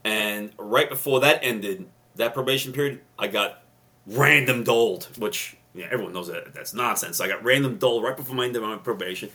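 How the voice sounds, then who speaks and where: A man, a retired police officer on a podcast, telling stories with rambling restarts and rising loud when excited. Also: fairly low pitch, a little fast. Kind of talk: casual storytelling chat.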